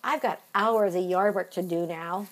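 A woman's voice: on the low side, normal speed, lightly acted. A woman voicing a chirpy, hockey-loving woman, speaking in a folksy way. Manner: folksy, peppered with eh and you betcha.

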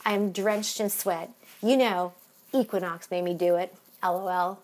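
A woman's voice: lowish voice, steady tone, moderate pace, noisy background, lightly acted. A woman doing a gushing valley girl. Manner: gushing, says oh my God and dude. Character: bubbly Los Angeles valley girl, dramatic, trendy.

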